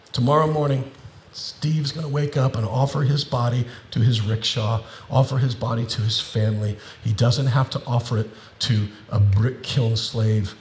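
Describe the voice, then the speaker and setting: A man's voice: mid-range voice, a little hiss or hum. Man preaching in an echoey room. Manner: animated preaching, building to emphatic repetitions. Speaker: pastor. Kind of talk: sermon.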